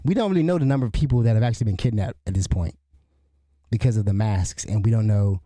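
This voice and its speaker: A man's voice: lowish voice, fast talker, warm tone, dry recording, studio quality. A middle-aged man hosting a podcast, talking in a rambling, indignant way with frequent restarts. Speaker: podcast host. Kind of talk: casual spoken commentary.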